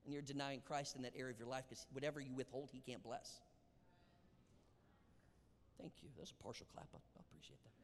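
A man preaching a sermon, animated, acting out Bible dialogue and dropping to whispers. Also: medium pitch, fairly quick, pauses often, a little hiss or hum. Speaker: pastor. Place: church sanctuary. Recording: long hall reverb.

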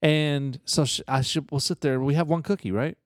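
A man's voice: fairly high pitch, steady tone, normal speed, dry recording, clean studio sound. A man co-hosting a podcast, telling a rambling childhood story in casual chat, swearing freely and restarting his sentences. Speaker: podcast co-host.

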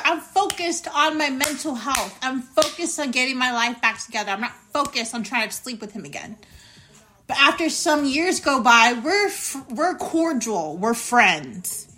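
A woman's voice: high voice, bright, forceful tone. A young woman hosting a podcast, telling a personal story in a blunt, indignant monologue with plenty of swearing. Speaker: podcast host.

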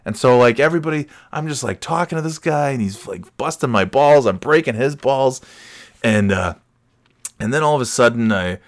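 A man's voice: medium pitch, lively intonation, normal speed. A man telling a casual personal story, rambling with many restarts and swearing freely with self-mocking humor.

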